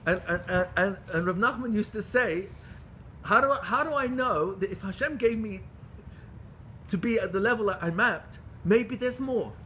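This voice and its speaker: Man, rabbi teaching a class, high voice, bright tone, fervent, questions listeners. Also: moderate pace, slight background noise. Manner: fervent, swings between loud pleading and hushed intimacy; questions the audience. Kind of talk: Torah lecture to a live group.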